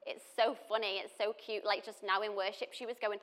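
A woman preaches to her church in a relaxed, conversational way. She breaks off into asides and restarts her sentences, with her pitch in the middle range. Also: brisk. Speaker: church speaker. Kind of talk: sermon.

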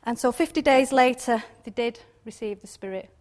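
Woman, informal Bible teacher, slightly high-pitched, chatty with frequent tag questions. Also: normal speed, a little mellow. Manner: chatty, laughs often, many tag questions. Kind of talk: informal devotional talk.

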